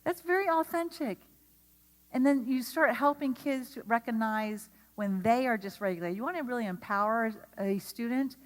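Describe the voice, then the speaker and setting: A woman giving an animated workshop lecture to teachers, often putting questions to the audience. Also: fairly high pitch, normal speed. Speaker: speaker at an educator training. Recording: long hall reverb.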